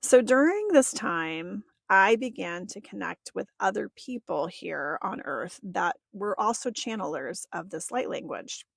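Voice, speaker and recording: Gravelly-voiced woman telling a personal story. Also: mid-range voice, very animated, a little slow, hardly any pauses, no room sound. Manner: chatty, often laughs and acts out quotes. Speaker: podcast host.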